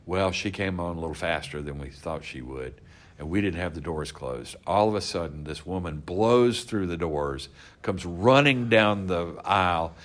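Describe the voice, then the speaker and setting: A man guest on a podcast interview, telling backstage anecdotes from his work organizing conventions in a relaxed, storytelling manner. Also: low-pitched, moderate pace.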